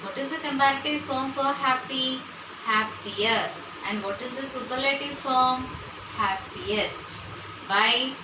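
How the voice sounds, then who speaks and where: A woman teacher explains grammar to children, drawing out each word patiently and often checking that they follow. Her voice sits a little high and moves slowly. It comes from some way off the mic, in an echoey room with noise behind her. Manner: patient, repeats words slowly, frequent "okay, children?" check-ins. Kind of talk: classroom grammar lesson. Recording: echoey room, voice from far off, noisy background.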